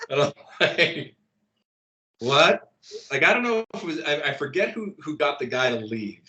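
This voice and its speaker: A man's voice: fairly high pitch, lively intonation, unhurried, pauses often, bright, forceful tone. A man, a guest in an interview, telling a long anecdote in a rambling, casual way with many fillers and restarts. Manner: rambling, lots of "like" and restarts, laughs at his own story.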